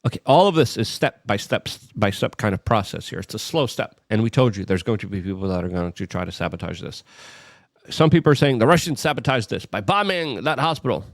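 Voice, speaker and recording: A man hosting casual political commentary, animated and full of mocking asides, often jumping into high exaggerated voices to imitate others. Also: fairly quick, no room sound.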